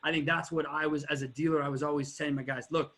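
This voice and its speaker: High-voiced man hosting a podcast. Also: fast talker. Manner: animated storyteller who swears freely. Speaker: podcast host. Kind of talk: casual interview chat.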